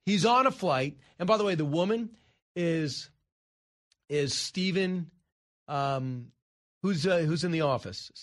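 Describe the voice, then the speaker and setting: Male radio host, animated storyteller, slightly higher voice. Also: takes it slowly, long pauses. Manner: animated storytelling, rhetorical asides. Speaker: radio talk show host. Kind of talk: talk radio commentary.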